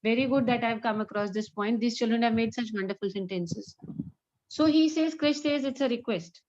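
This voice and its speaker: A woman teacher runs a lesson, her voice sitting a little high. She praises her students and slowly repeats each example sentence. The audio is muffled and lo-fi. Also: darkish tone. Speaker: English teacher. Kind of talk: online grammar class with students.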